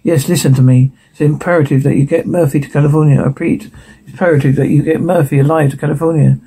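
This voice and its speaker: An urgent male commander barking orders over the radio, read aloud by a man. His voice is gravelly and husky, with a dark tone. He sounds insistent. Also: fairly high pitch, steady tone, fast talker, rough recording.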